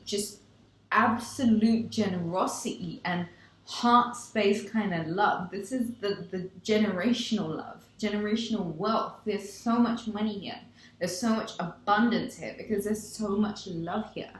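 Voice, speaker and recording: A woman giving an effusive tarot reading to camera, gushing and repeating her affirmations. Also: mid-range voice. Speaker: tarot reader. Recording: echoey room.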